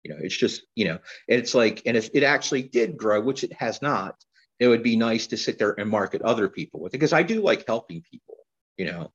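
Rambling man with a low voice. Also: expressive, husky, muffled recording. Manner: rambling, halting, many fillers and restarts. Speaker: guest poet. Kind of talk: casual interview chat.

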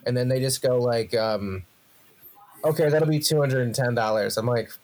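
A young man ranting his way through a story on a comedy podcast, all swearing and exasperation. His voice sits at an ordinary middle pitch and climbs when he gets worked up. The talk is loose and casual. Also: moderate pace, a little mellow. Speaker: podcast co-host.

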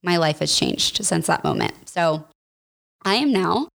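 Chatty young woman with a gravelly voice. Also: lowish voice, expressive, a little slow, fairly bright tone. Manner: chatty, candid, uses "like" and "y'all" a lot. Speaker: podcast host. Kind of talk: casual personal podcast talk.

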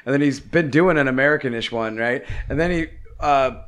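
A man co-hosting a podcast in casual movie chat, animated, acting out quotes and laughing a lot. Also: medium pitch, fairly quick. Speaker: podcast co-host.

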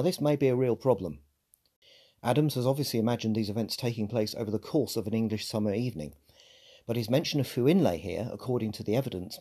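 A male podcast host delivering a scripted analysis of a book. His voice sounds mellow and slightly husky. He reads in a measured, articulate way. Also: mid-range voice.

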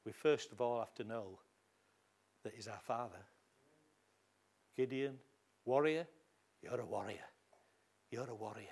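A man's voice: medium pitch, unhurried, pauses often, darkish tone. A man with a Northern English accent preaching a sermon in a church hall, emphatic and calling for amens. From England. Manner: emphatic, call-and-response.

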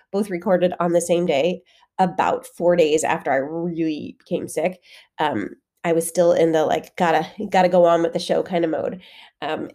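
A woman's voice: lowish voice, a little mellow. A woman fitness coach hosting her own podcast, talking candidly in a conversational way while congested with a head-cold voice. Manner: candid, conversational, with frequent fillers. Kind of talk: solo podcast monologue.

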